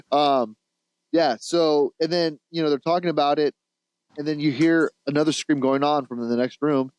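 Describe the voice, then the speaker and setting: A man in casual podcast chat, walking through a film's plot in a rambling, amused way and laughing at his own retelling. His voice sits a little higher than most men's. The sound is close and dry, with almost no room echo. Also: steady tone, measured pace, darkish tone, clean tone. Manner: rambling and laughing, with frequent restarts and swearing. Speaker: podcast co-host.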